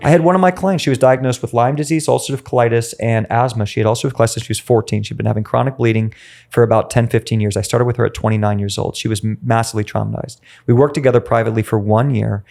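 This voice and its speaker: A man, a nutritionist guest on a podcast interview, explaining and acting out stories with his clients in an animated way. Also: mid-range voice, very fast, gravelly. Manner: animated storytelling, acts out dialogue.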